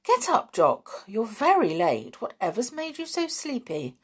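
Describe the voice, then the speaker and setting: A woman voicing a brisk mother chiding her sleepy son. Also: a little high, wildly swooping pitch, husky, voice pushed up, full character voice.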